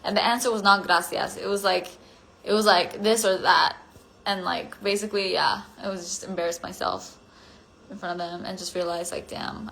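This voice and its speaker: A young woman chatting casually with viewers on a phone livestream, rambling with lots of fillers and often trailing off into a hush. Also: fairly low pitch, creaky, a little hiss or hum. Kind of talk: casual chat.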